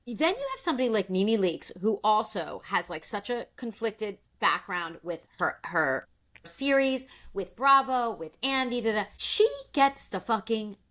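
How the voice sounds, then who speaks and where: A woman's voice: medium pitch, lively intonation, measured pace, a bit bright. A woman co-hosting a podcast, chatting casually about reality TV in a blunt, opinionated way, with some swearing. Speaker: podcast co-host. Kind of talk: casual gossip chat.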